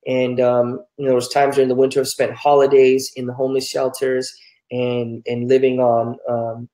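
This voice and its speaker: A man's voice: mid-range voice, completely flat delivery, normal speed, dark tone, roomy sound, low-quality recording. A man from New Mexico, a pastor telling his life story candidly and earnestly in an interview. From New Mexico, United States.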